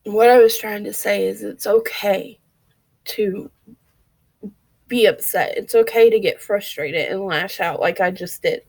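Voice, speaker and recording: Woman, personal vlog, open and heartfelt, gravelly voice, mid pitch. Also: a little slow, darkish tone, no room sound, poor audio. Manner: earnest, open, talks to viewers directly. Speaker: vlogger.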